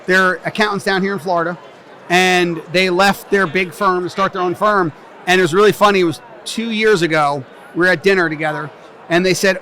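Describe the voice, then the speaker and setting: At a conference venue, a brash, joking storyteller, a middle-aged New Jersey man who owns a tax business, chats in a casual interview. His high-pitched voice sounds pushed and bright, fairly quick with fairly even intonation.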